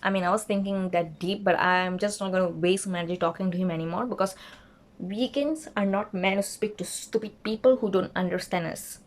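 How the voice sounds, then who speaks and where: A young woman, telling a dating story in a casual vlog and acting out the quotes with an animated, indignant manner. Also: medium pitch, brisk. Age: young adult. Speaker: vlogger.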